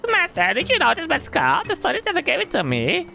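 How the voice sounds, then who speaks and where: A shrill insect-like beastman, speaks in a strained, squeaky register far above a normal voice. His speech is stilted and formal. Game music plays steadily behind him. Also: wildly swooping pitch, fairly quick, vocal fry, sharp tone, heavily acted. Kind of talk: reading game dialogue aloud in voices.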